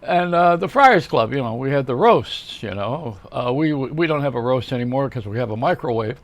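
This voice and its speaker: A man's voice: mid-range voice, expressive, normal speed, dry recording. An older man hosting a comedic monologue, rambling along with wisecracks and one-liners and talking straight to the viewer. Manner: chatty, talks straight to the viewer. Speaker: host.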